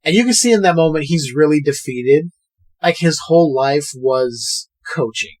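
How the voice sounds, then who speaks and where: Casting note: male podcast host, fairly high voice, loose and chatty, swears freely while recapping. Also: moderate pace. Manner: animated retelling, swears freely. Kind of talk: casual movie recap chat.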